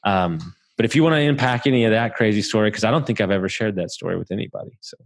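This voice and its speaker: Guest, a man from Southeast Texas with a lowish voice, loose and profane in his storytelling. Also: very fast, gravelly. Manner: swears freely, laughs through his story. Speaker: podcast guest. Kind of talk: casual storytelling.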